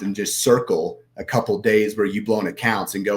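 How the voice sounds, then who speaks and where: A man with a very low, deep voice talks casually on a podcast. He rambles and drifts into acting out the voice in his own head. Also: steady tone, moderate pace. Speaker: podcast guest, trader.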